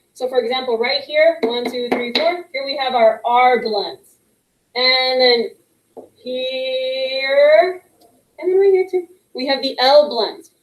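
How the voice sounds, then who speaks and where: High-voiced woman teaching phonics. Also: roomy sound, low-quality recording. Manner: patient, encouraging, sounds out letters slowly. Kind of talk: phonics lesson for young students. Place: classroom with a whiteboard. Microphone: microphone picked up partway.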